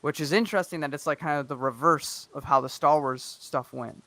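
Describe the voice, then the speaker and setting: A man chatting casually about books and films, arguing his point quickly with many restarts. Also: on the high side, bright, forceful tone, dry recording. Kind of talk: casual chat.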